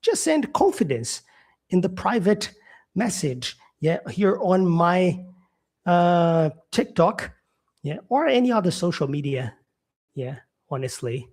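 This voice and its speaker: A Brazilian man speaks English with a Portuguese accent and a slightly high voice. He chats casually on a live stream, answering viewers with lots of ums and uhs. His tone stays easygoing and talkative. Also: very animated, takes it slowly, a little mellow. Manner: chatty, reading out viewer comments, frequent fillers.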